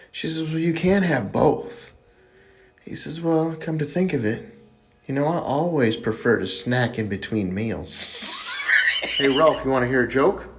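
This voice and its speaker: A man telling jokes in a casual, animated way, laughing at his own punchlines. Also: mid-range voice. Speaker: joke teller.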